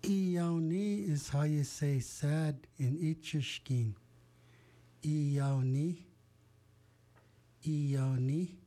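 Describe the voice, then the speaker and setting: A man teaching words in a lesson, repeating each word slowly. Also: fairly high pitch, dark tone. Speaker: language teacher.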